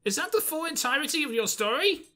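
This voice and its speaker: A man's voice: very high-pitched, big pitch swings, fast, pushed and bright, voice pushed up, full character voice. A man voicing a fussy, squawking male parrot guild leader in a fan voice-over of a game. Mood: briskly summarizing.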